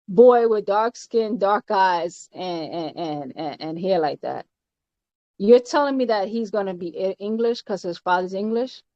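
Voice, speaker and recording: An emphatic woman teaches doctrine in a mid-pitched voice. She stumbles and repeats words, then presses each point home with "all right?" The recording is dull and lo-fi, with a dry, close sound. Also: a little mellow, no echo. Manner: halting, with frequent fillers and repeated words. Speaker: spiritual teacher.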